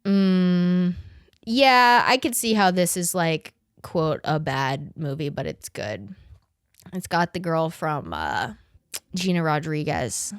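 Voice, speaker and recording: A woman's voice: fairly low pitch, clean tone, dry recording, studio quality. A woman in her twenties hosting a podcast, chatting casually, swearing and laughing, and stumbling as she reads aloud. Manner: animated, swearing, laughing often, reading aloud haltingly. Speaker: podcast host. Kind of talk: casual chat.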